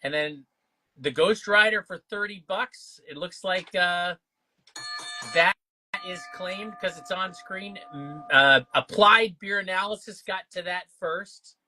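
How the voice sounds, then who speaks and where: Man, live stream auction host, bright crisp tone, cheerful banter. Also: high voice, a little hiss or hum. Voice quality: upbeat, quick banter and laughs. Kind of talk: live sales stream chatter.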